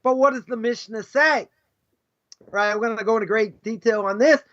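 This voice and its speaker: A man's voice: high-pitched, moderate pace, a bit bright. A man, a rabbi, giving a conversational Torah class, often tagging his points with "right?" and acting out what other people might say. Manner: conversational, keeps asking "right?"; acts out imagined speakers mid-lecture. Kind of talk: informal Torah lesson. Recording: dull lo-fi live stream.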